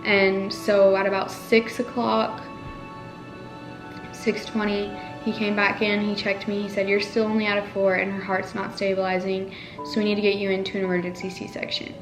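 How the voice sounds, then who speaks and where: A young woman recounts her story to the camera in a loose, emotional way, piling up "like"s and restarts. Her voice sits at an ordinary pitch and bounces off the walls of a roomy space. Faint music plays underneath. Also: level tone, normal speed. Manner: emotional, rambling retelling with many "like"s. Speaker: family vlogger. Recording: echoey room with faint music.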